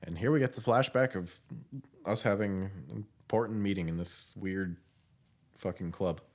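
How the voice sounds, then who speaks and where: Joking low-voiced male co-host. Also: moderate pace. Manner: laughing, joking, casual with swearing. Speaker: podcast co-host. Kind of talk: casual film commentary.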